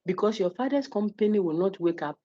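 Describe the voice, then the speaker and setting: A woman giving a university lecture, animated and teasing, acting out little quotes as she goes. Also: medium pitch, brisk. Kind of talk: lively classroom lecture. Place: lecture hall. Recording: husky, dull lo-fi lecture recording.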